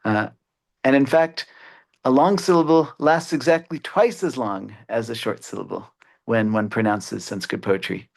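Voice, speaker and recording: Man lecturing, halting with many fillers. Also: mid-range voice, gravelly. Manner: explanatory, with frequent "uh" fillers. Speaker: mathematics educator. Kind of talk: webinar lecture.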